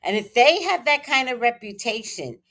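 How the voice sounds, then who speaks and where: A woman's voice: fairly high pitch, animated, moderate pace, bright, forceful tone. A woman tarot reader giving casual gossip commentary, speculating and talking straight to her viewers.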